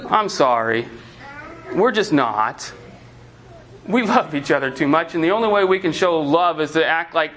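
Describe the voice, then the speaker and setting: A man delivers a sermon to parents in a relaxed, conversational way. He slips into the voices of the people in his story as he tells it. His voice sits a little high, and faint room ambience hangs behind him. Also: moderate pace, long pauses, slight background noise, rough recording. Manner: conversational preaching with acted-out quotes. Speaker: pastor.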